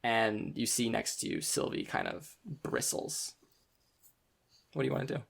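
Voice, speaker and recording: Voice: medium pitch, lively intonation, a little slow, vocal fry, husky. A game master narrating a tabletop game in a casual way, with lots of ums and uhs. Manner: casual, filler-heavy narration with frequent ums.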